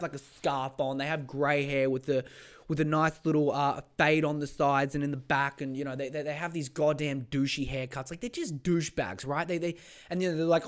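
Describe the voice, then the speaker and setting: A man hosting a podcast, ranting in a sweary, exasperated, rambling way. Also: a little high. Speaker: podcast host. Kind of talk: casual rant.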